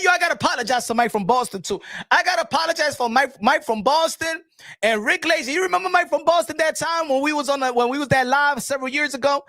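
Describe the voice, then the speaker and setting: A man hosting a casual boxing live stream, animated and laughing, often repeating himself and switching between languages. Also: very high-pitched, no echo, clean studio sound.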